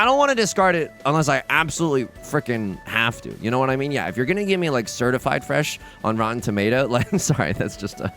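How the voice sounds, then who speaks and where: Guy doing a let's play, bouncy pitch all over, jokey and self-mocking, faint music behind him. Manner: animated, joking, quick restarts and self-mocking asides. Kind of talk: casual gameplay commentary.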